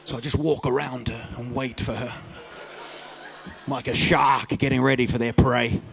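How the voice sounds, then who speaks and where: A man doing a stand-up comedy set, telling stories in a loud, animated way with shouted bits. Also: mid-range voice, moderate pace, vocal fry.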